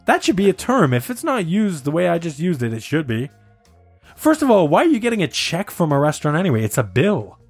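Man, casual podcast chat, animated storyteller, higher voice, faint background music. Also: fairly quick, slightly rough.

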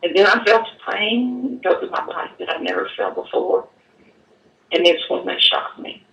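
A woman giving an earnest personal testimony, halting and at times choked up, in an echoey room away from the mic. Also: mid-range voice, wildly swooping pitch, fairly bright tone, far from the mic, dull audio, slight background noise. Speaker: guest telling her story.

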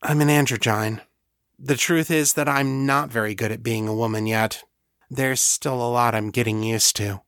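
A man's voice: mid-range voice, steady tone, normal speed, fairly bright tone, no echo, studio quality, natural voice. A man voicing a wry, guarded young androgyne woman in an audiobook, lifting his voice as he reads her. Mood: earnest. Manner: teasing, raised voice.

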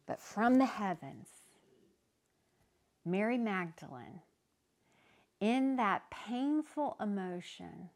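A woman hosting a faith-based talk, speaking in an earnest, conversational and reflective way. She sometimes pauses to search for the right word. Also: medium pitch, sing-song, creaky, darkish tone. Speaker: podcast host.

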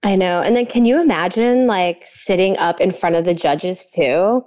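A woman's voice: fairly low pitch, normal speed, a little mellow. A young woman chatting casually and gushing, with lots of fillers and giggles. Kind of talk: casual chat.

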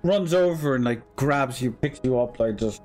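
Brief: forties-ish male game master, easygoing and rambling, with lively intonation. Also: medium pitch, normal speed, faint music behind. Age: 40s. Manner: laughs easily, loose and rambling. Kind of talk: narrating a tabletop game.

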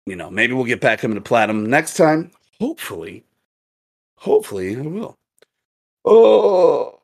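Young adult man, gaming streamer; casual, profane storyteller with a very lively, swinging pitch. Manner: animated, profane, laughing storyteller.

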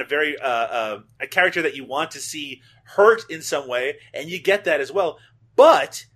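A man's voice: on the high side, bright, forceful tone. A man hosting a casual podcast discussion, steering the talk and putting questions to his co-hosts. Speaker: podcast host.

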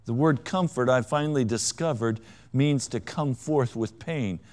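A man preaching a sermon, with a wry, self-mocking humor and dramatic swings between hushed and loud delivery. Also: medium pitch, a little slow. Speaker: pastor.

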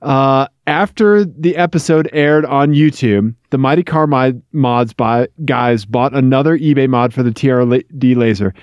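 A man's voice: medium pitch, normal speed, few pauses, no echo, lo-fi sound. Joking man from Missouri, dry close mic. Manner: joking, reads out listener game with asides. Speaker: co-host. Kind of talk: casual banter podcast.

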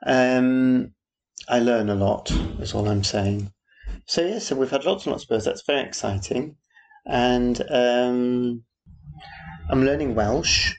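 Gravelly middle-aged man rambling. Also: mid-range voice, slow pace. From Yorkshire, England. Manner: rambling, chatty, self-deprecating asides. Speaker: podcast host. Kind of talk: casual solo podcast chat.

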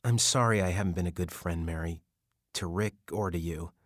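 A man's voice: low-pitched, normal speed, no echo, studio quality. A man doing an earnest, awkward friend. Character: awkward, well-meaning middle-aged man.

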